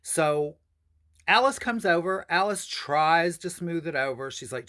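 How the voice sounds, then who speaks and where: Casual storytelling vlog host, lively swooping pitch, chatty, y'all to viewers. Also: measured pace.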